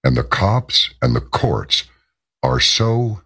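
A man's voice: mid-range voice, big pitch swings, takes it slowly, creaky, pushed and bright, slightly rough. A man hosting a talk radio show, delivering an emphatic, rambling monologue full of asides and rhetorical questions.

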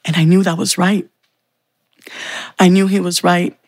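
A woman's voice: lowish voice, little pitch movement, unhurried, no echo, clean studio sound. A woman giving an earnest, heartfelt personal faith testimony. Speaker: testimony speaker.

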